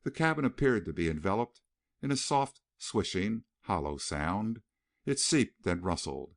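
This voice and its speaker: A man narrating a western novel as an audiobook, reading in an expressive, dramatic way. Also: on the low side, measured pace. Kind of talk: scripted narration.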